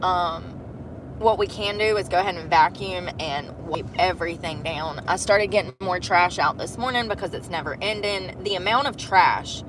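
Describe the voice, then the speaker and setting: A woman chatting casually on a livestream from inside her truck, telling animated stories and swearing freely. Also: lowish voice, background noise.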